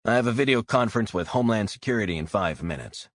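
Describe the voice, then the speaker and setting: A man's voice: lowish voice, lively intonation, quick pace, a bit bright, no echo, voice pushed up. A man voicing a stern male bureau director who speaks curtly and with rigid authority. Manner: authoritative, curt, by-the-book.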